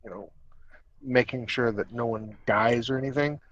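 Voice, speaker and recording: A man's voice: mid-range voice, normal speed, fairly bright tone. Eager man on a lo-fi mic. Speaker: player. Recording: dull lo-fi mic.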